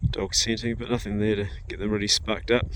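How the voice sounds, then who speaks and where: With a lowish, fairly monotone voice, a male vlogger talks a little fast against some background noise. His commentary is easygoing and conversational, recorded outdoors and in a truck, and he chats to his dogs throughout.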